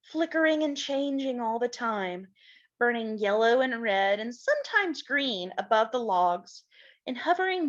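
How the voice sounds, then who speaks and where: A woman reads a children's storybook aloud in a high, unhurried voice, breaking off now and then for gentle explanations to young listeners. The sound is slightly muffled and lo-fi.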